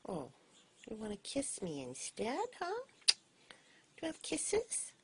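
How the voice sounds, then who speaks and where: A woman's voice: a little high, wildly swooping pitch, takes it slowly, gravelly, noisy background. Woman cooing baby talk to her pet. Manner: coaxing, sing-song, drops to soft whispers at times. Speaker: pet owner talking to her bird.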